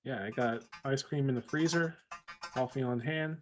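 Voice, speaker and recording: A man's voice: mid-range voice, normal speed, soft background music. A man playing a tabletop game, chatting with friends in an easygoing, joking way. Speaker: player. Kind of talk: casual chat with friends.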